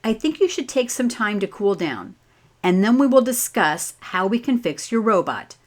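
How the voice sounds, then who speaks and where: A woman reading a children's picture book aloud as a teacher, pausing to ask the listeners simple questions. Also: mid-range voice, sing-song. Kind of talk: slow read-aloud storytime with questions.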